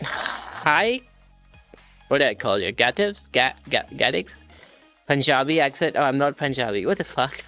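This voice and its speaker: A young woman chats casually on a study livestream. She reads questions aloud, swears freely and laughs often. Soft music plays behind her. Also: extremely low pitch, lively intonation, unhurried. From India. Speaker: streamer studying medicine.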